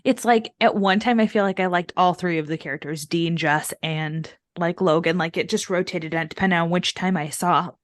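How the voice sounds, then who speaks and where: A woman's voice: lowish voice, normal speed, few pauses, dry recording. A young woman co-hosting a podcast in casual chat, rambling with many fillers and swearing freely. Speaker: podcast co-host.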